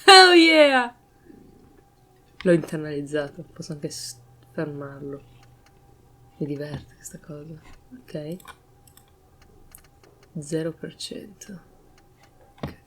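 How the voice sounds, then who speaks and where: A woman's voice: low voice, steady tone, unhurried, long pauses, warm tone, a little hiss or hum. A woman commenting on a video game and muttering amused asides. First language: Italian. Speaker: let's-play commentator. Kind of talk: game commentary, reading text aloud.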